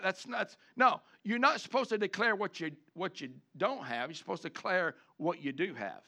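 A man preaching a sermon, animated, switching between chatty asides and loud shouted lines, acting out the people he quotes. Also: high-pitched, normal speed, hardly any pauses. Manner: acts out the congregation and the people he quotes. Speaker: pastor.

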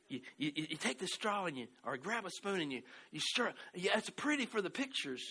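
A middle-aged man from the American South delivers a storytelling sermon in a bright, forceful voice pitched a little high. He restarts and repeats words often. He swings between loud exclamations and quiet asides. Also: animated, fast talker, hardly any pauses, slightly rough. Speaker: pastor.

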